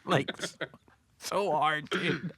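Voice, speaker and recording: A male comedian telling stories in a casual podcast chat, animated, laughing and swearing often. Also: fairly high pitch, extremely slow, creaky, husky, no room sound.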